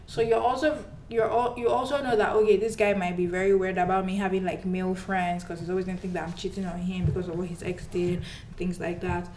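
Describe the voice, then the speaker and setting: A woman in casual chat, speaking softly and trailing off as she explains her view. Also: fairly low pitch, little pitch movement, fast talker, hardly any pauses. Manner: soft-spoken, trailing off quietly. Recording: roomy with faint background noise.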